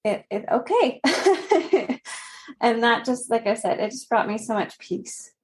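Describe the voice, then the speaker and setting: Slow earnest woman guest. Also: a little high, animated. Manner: slow, earnest, laughing softly between phrases. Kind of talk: personal story in a podcast interview.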